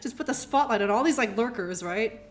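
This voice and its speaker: A woman live-streaming with a high, lively voice that swings all over the place. She rambles, swears playfully and laughs often as she reads a children's book to her viewers. She sounds a little tipsy, and faint music plays behind her. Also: brisk. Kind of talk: casual live-stream chat and reading aloud.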